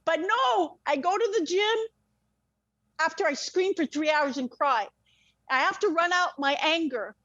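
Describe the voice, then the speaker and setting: A woman, an interview guest, telling a very personal story in an animated way, swearing freely and often restarting her sentences. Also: very high voice, measured pace, no room sound. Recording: dull lo-fi dry sound.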